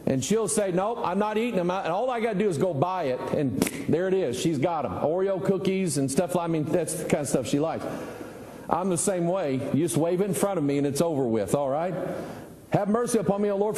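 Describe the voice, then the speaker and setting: A man's voice: sits high, animated, fairly quick, warm tone, echoey room, long reverb tail, rough recording. A middle-aged male pastor, preaching a folksy, conversational sermon full of rhetorical questions.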